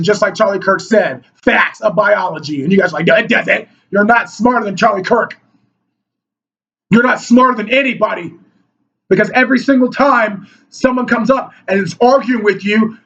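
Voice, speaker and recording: Husky high-voiced man ranting angrily. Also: a bit bright, highs cut off. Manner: angry, preachy, mocking opponents in whiny voices. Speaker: political commentator. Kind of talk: ranting monologue to camera.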